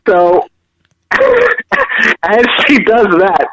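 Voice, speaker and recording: A man co-hosting a podcast, telling a story in an animated way, often repeating himself and quoting others. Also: high voice, drawn-out words, lo-fi sound, a little hiss or hum. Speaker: podcast co-host. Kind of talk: casual storytelling.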